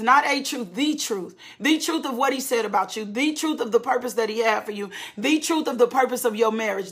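A woman's voice: on the high side, a bit bright, slightly rough. A woman preacher delivering a fervent sermon in a repetitive, rhythmic preaching cadence, calling on her listeners to respond.

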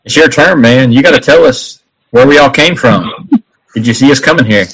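A man's voice: medium pitch, normal speed, fairly bright tone, a little hiss or hum, poor audio. A man in a casual chat with childhood friends, speaking bluntly and teasing.

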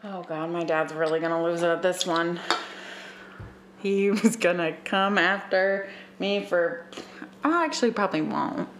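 A young woman hosting a podcast by herself, talking emotionally and swearing as she moves between quiet asides and fired-up preaching. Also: fairly low pitch, unhurried, a little hiss or hum. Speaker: podcast host. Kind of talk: casual solo podcast rant.

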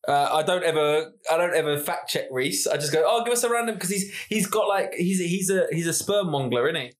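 Rambling podcast co-host. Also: male voice, fairly high pitch, brisk. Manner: rambling, stop-start, jokey. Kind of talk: casual chat.

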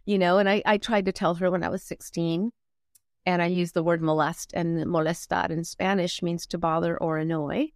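A woman, a motivational speaker and coach, telling her life story candidly in an interview, earnest and reflective with frequent pauses. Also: fairly low pitch, fairly even intonation, no room sound, clean studio sound.

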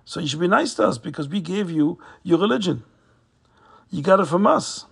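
A man voicing a calm, steadfast rabbi in a told story, earnest and raspy. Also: sits high, moderate pace, voice pushed up, heavily acted. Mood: firm.

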